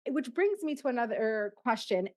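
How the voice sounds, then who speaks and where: Higher-voiced woman host, thoughtful. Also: sing-song, normal speed. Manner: thoughtful, reflective questioning. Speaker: podcast host. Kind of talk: casual interview chat.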